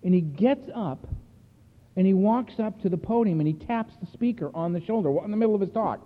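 A man's voice: sits high, animated, brisk. A man giving a personal recovery talk to a meeting, telling his story bluntly and with emphasis. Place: meeting hall. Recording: echoey hall over a tinny phone-like line.

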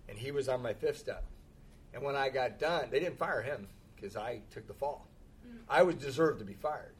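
A man's voice: medium pitch, normal speed, slight background noise. A man speaking at a recovery meeting, telling his own story candidly with self-deprecating humor and frequent laughs. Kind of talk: personal storytelling talk.

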